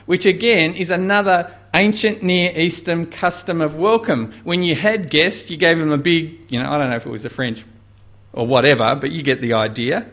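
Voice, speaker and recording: A man's voice: fairly high pitch, normal speed, fairly bright tone. A man preaching a sermon, retelling a gospel story and lifting his voice to quote Jesus with dramatic weight.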